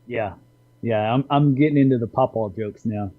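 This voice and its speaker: A man's voice: mid-range voice, normal speed, phone-quality sound. An older man from Texas with a Texan accent, an easygoing co-host chatting on a live stream. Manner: easygoing, laughs easily. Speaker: podcast co-host. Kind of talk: casual live-stream chat.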